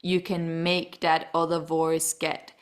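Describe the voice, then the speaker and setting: A woman's voice: low-pitched, monotone, slow pace. A woman hosting a podcast, gushing and enthusiastic, swearing freely in casual chat. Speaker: podcast host.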